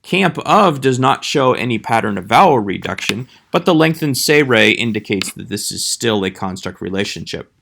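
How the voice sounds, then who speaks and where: A man giving a scripted Hebrew grammar lecture as a voice-over, measured and slowing down to sound out each Hebrew word. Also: medium pitch, expressive, gravelly, a bit bright. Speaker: Hebrew instructor.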